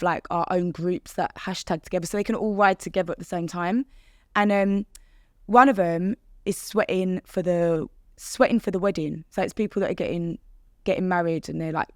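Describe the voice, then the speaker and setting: A woman, chatting on a podcast in a bright, animated way. She laughs often and acts out her own past words in quoted voices. Her voice is dry and close to the mic, with no room sound. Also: mid-range voice, no room sound. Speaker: podcast guest, fitness instructor. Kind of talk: casual interview chat.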